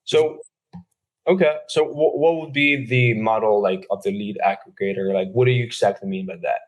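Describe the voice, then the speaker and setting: A man's voice: lowish voice, normal speed. A man hosting a podcast interview, asking loosely phrased questions and searching for words. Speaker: podcast host.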